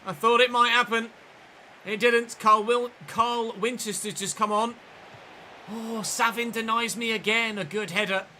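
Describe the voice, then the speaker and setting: A man live-streaming a football video game, chatting and commentating on his own play with quick excited outbursts. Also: very high voice, slight background noise.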